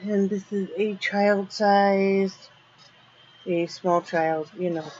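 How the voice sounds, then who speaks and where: Woman vlogger, slow-talking, home video in an RV, dull lo-fi sound. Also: a little hiss or hum. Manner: talks to her dogs in a high playful scolding voice; relaxed rambling daily update with many ums. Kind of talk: casual home vlog.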